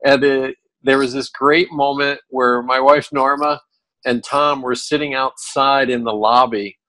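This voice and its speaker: A man co-hosting a radio talk show, telling animated stories and laughing often. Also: mid-range voice, rough recording. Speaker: radio co-host. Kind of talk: tribute storytelling on a talk show.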